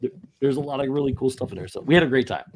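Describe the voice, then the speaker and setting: Casual podcast host, male, from Indiana; mid-pitched voice, lively storyteller who laughs through his own anecdotes. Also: very fast, a little hiss or hum. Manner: animated storyteller, chuckles often.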